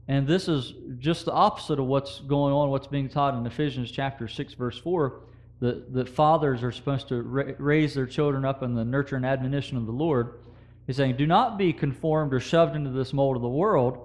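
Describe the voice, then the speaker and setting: A man with a mid-range, somewhat dark voice preaches a sermon, working through scripture conversationally, quoting verses and making asides to the congregation.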